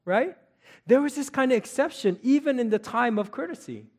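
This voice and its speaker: A middle-aged pastor preaches in a high, light voice. He talks in an earnest, conversational way, telling a family story and asking the listeners questions as he goes. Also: animated, moderate pace, slightly rough. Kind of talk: sermon with a personal story.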